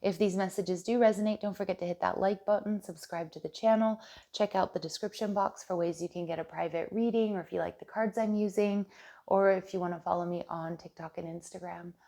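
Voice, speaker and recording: A woman's voice: on the low side, fairly even intonation, brisk, creaky. A woman giving a casual tarot love reading, talking straight to her viewers with many restarts and fillers. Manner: chatty, stumbling restarts, warm direct address. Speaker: tarot reader.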